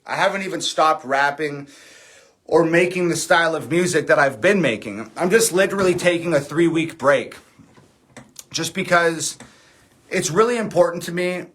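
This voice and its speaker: A man's voice: a little high, moderate pace, a bit bright. A man chatting casually on a livestream, rambling and candid with frequent fillers and the odd curse word. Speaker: livestream host.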